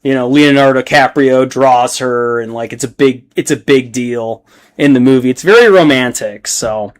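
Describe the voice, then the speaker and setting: A man's voice: medium pitch, normal speed. Rambling casual male livestreamer. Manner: rambling, swears freely, reacts to chat. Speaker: hobby painting livestreamer. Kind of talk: casual livestream chat while painting.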